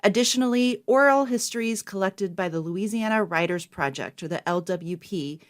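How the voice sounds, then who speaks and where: A woman co-hosting a history podcast, reading scripted narration in a clear, measured way. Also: medium pitch. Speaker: podcast co-host.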